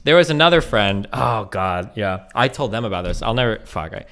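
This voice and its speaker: A man's voice: fairly low pitch, a little fast. A man calling into a stream, telling stories bluntly and swearing freely. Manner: blunt, swearing, animated storytelling. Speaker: caller. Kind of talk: casual chat.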